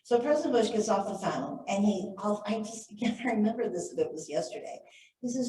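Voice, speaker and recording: A woman's voice: medium pitch, unhurried, pauses often, recorded from a distance, noisy background. Woman telling a story in an echoey room. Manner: lively anecdotal storytelling, acts out quoted voices. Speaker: author and speaker. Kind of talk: storytelling talk to a live audience. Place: library event room. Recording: echoey room, voice picked up from afar.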